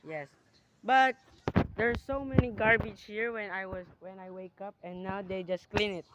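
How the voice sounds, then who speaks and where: A teenage Filipino guy with a high voice talks into a phone as he walks around a park outdoors. His English is halting and apologetic, and he keeps falling back on his native Tagalog. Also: fairly even intonation, a loud crowd. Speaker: student vlogger. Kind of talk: casual walking vlog, mixing English and Tagalog. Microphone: phone held while walking.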